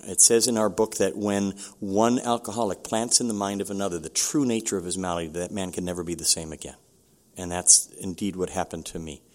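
An older man telling his own recovery story at a meeting, candid and halting, with many restarts. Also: low-pitched, fairly even intonation.

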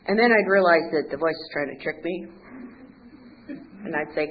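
A woman's voice: low-pitched, normal speed, lo-fi sound, a little hiss or hum. A woman giving a personal recovery testimony, telling her story candidly with wry humor and acting out the conversations. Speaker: recovery speaker.

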